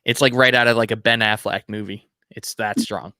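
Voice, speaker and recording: A man's voice: on the low side, steady tone, a little fast, bright, forceful tone, no room sound, clean studio sound. A man co-hosting a music podcast, chatting eagerly with many "like"s. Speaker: podcast co-host. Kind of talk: casual music podcast chat.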